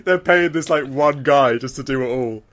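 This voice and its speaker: A man co-hosts a podcast in relaxed, casual conversation. He rambles, restarts his sentences often and laughs easily. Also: mid-range voice, normal speed, slight background noise. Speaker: podcast co-host. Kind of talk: casual chat.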